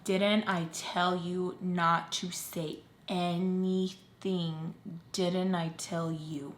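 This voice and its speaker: A woman's voice: lowish voice, flat delivery, extremely slow, echoey room. A woman voicing her angry, suspicious employer, who scolds and demands answers and mixes in Spanish words. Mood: cold.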